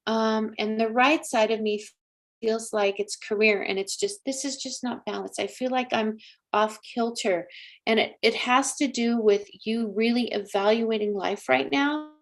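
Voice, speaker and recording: Middle-aged woman psychic on a live stream, higher voice, warm, coaxing, chatty tone. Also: fairly even intonation, unhurried. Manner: chatty, coaxing, calls viewers honey and girl. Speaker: psychic medium. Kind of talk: live-stream astrology reading.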